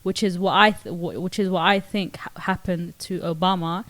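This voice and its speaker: A young woman co-hosting a casual podcast thinks out loud, thoughtful and hesitant, restarting often. Her voice is lowish with fairly even intonation and a moderate pace, and there's no echo.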